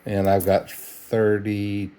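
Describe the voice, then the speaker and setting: A man's voice: on the low side, completely flat delivery, slow pace, mellow, slight background noise. A middle-aged man, tired and yawning, chatting in an easygoing, folksy way while he searches coin rolls late at night at home. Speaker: coin roll hunter. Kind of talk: casual narration while searching coins.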